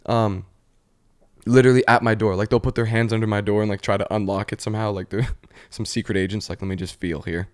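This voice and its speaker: A man's voice: on the low side, little pitch movement, fast, darkish tone. A young man hosting a podcast, chatting loosely with many 'like's and slipping into silly voices. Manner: rambling storyteller, full of 'like', acts out voices. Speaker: podcast host. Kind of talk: casual chat.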